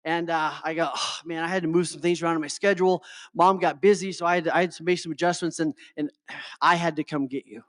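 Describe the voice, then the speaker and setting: A man's voice: on the high side, steady tone, fast talker, fairly bright tone, dry recording, studio quality. A middle-aged man giving a motivational talk to a live audience as a life coach. He keeps checking in with his listeners and often stumbles over and repeats his words.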